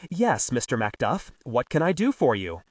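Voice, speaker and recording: A man doing a deadpan, unflappable porter. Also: medium pitch, moderate pace, husky, no echo, far from the mic. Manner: dry, deadpan. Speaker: college porter.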